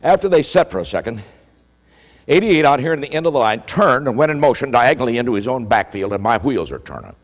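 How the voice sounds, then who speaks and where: An older male keynote speaker tells a story with lively, acted-out dialogue. His voice sits at a middle pitch, and a long reverb trails behind it in a large hall. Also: fast talker. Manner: animated storyteller acting out quoted exchanges. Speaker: motivational speaker. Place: large hall before a live audience.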